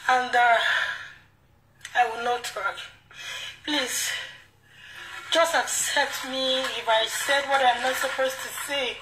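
A young woman with a Yoruba accent speaking to camera in an emotional monologue, pleading, apologetic and halting. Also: high voice, fairly even intonation, sharp tone, echoey room, recorded from a distance, slight background noise, low-quality recording. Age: young adult. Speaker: video creator.

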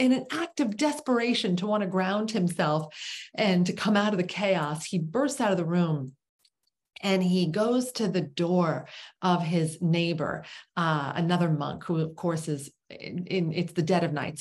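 A woman teaching as a spiritual teacher, telling a parable slowly with dramatic pauses and dropping into a whisper on key words. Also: on the low side, a little mellow.

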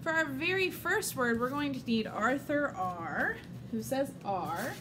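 A woman's voice: high-pitched, animated, measured pace, noisy background. A woman teacher giving an encouraging, upbeat reading lesson for young children.

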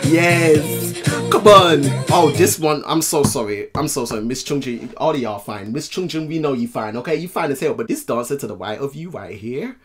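A flamboyant young man reacts excitedly, his voice leaping up and down as he gushes and talks straight to his viewers. Pop music plays clearly behind him the whole time. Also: fairly high pitch, moderate pace. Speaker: reaction video host. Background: music video playing.

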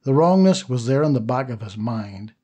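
A man narrating a short story as an audiobook, steady and even. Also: medium pitch, moderate pace, breathy edge. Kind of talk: scripted narration.

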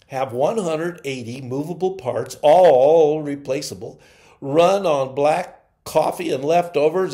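A man voicing God as a tireless, proud and gentle creator while reading a story aloud, in an earnest, measured way. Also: a little high, pitched above the performer's own voice, lightly acted.

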